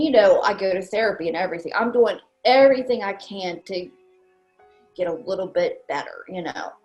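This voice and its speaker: A woman from Maryland, a grieving mother, telling a personal story with many fillers and acted-out quotes. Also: medium pitch. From Maryland, USA. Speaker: guest, bereaved mother. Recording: roomy echo, faint music.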